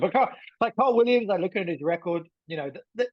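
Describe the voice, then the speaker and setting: A man's voice: high voice, animated, fast talker, dry recording. A man co-hosting a podcast in casual chat, chatty and thinking aloud with plenty of fillers. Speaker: podcast co-host. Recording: dull lo-fi sound.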